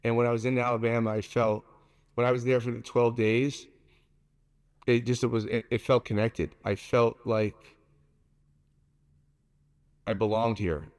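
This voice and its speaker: A man in his forties talks candidly and bluntly, rushing through his story with restarts and asides. His voice sits in a middle register and trails into a long reverb. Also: medium pitch, steady tone, a little mellow. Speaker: guest, pizza maker. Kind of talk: casual storytelling interview.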